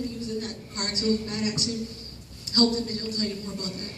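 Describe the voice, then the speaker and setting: A woman's voice: on the high side, flat delivery, fairly quick, long pauses. A woman sharing a personal testimony with a group in a chatty, self-conscious way, often laughing and apologizing. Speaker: church member giving testimony. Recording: echoey room, distant mic, noisy.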